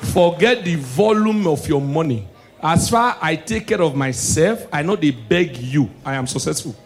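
A Nigerian man with a high voice delivers a stand-up set before a live audience. He tells stories in Pidgin-laced English. His soft asides give way to loud, shouted punchlines. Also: lively intonation, moderate pace, some chatter behind, slight background noise. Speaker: stand-up comedian.

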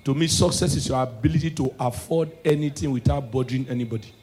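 A man with a Nigerian accent doing stand-up comedy on a live stage, delivering loud, animated punchlines in a mix of Pidgin and English. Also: medium pitch, quick pace.

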